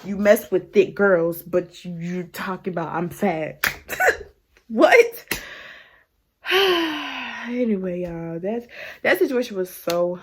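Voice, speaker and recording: A woman in her twenties telling a story to camera in a sassy, animated way, often sighing and laughing and sometimes dropping into a hushed aside. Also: lowish voice, measured pace, a little hiss or hum. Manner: drops to a hushed aside at times.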